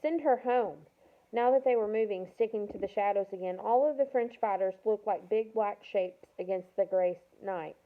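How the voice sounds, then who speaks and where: Woman reader, steady story reading with asides, tinny phone-like sound. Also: medium pitch, normal speed, hardly any pauses. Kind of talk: reading a novel aloud.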